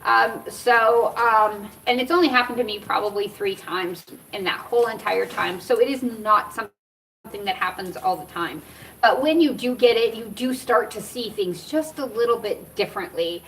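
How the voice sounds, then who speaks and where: A woman's voice: medium pitch, normal speed, a bit bright. A middle-aged woman vlogger chatting casually to camera, rambling and laughing often. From United States. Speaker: cannabis vlogger. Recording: from a little distance, faint background noise.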